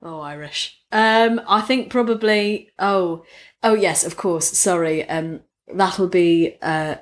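A woman's voice: lowish voice, takes it slowly. Woman, podcast co-host, playful rambling improv, self-mocking humor. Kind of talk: comedic improvised chat.

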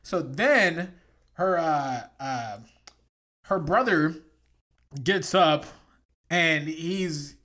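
A man co-hosting a podcast, joking crudely and laughing loudly in casual banter. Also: on the high side, drawn-out words, long pauses. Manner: laughing, loud, animated joking. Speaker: podcast co-host.

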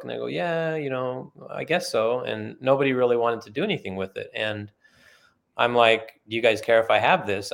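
A retired middle-aged man being interviewed, telling relaxed, anecdotal stories with many fillers. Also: mid-range voice, vocal fry. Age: middle-aged or older, retired. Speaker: guest, author and former company sales leader. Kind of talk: conversational storytelling.

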